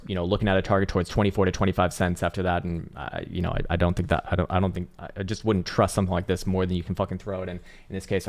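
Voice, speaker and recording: A man with a fairly low voice talks through trading charts on a live stream in a loose, rambling way. He swears freely, laughs often and reads viewer messages aloud between his chart reads. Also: slight background noise.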